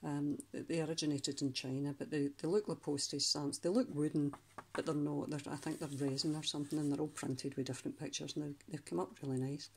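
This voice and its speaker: A Scottish woman doing a casual craft flip-through of a handmade journal, chatty and rambling, often pausing to search for words. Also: low voice, flat delivery, darkish tone, breathy edge.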